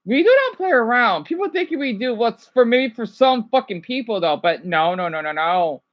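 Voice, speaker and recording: A man's voice: extremely high pitch, lively intonation, normal speed, muffled recording. A man from Arizona reacting to a news clip, ranting heatedly with lots of swearing and rambling asides. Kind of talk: profane reaction rant.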